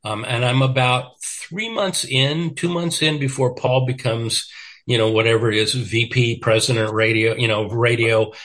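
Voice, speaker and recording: A middle-aged man telling a lively anecdote in a casual interview, laughing often and acting out what people said. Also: medium pitch, moderate pace. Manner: animated storyteller, acts out quotes, laughs often. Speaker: guest. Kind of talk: storytelling interview chat.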